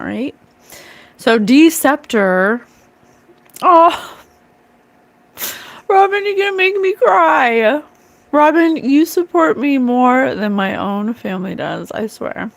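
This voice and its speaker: Give me a woman psychic streamer, heartfelt and slow, dry close sound. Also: a little high, no echo. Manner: earnest, emotional, talks to viewers in chat. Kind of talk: live-stream card reading, casual talk.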